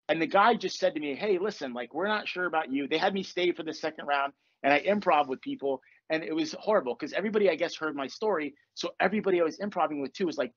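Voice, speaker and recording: A man chats on a podcast at a quick clip, his voice sitting a little high. He tells his stories with energy, laughs often and slips into the voices of the people he quotes. The sound is muffled and lo-fi, as if from earphones on a call. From Virginia. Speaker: podcast host. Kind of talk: casual storytelling chat.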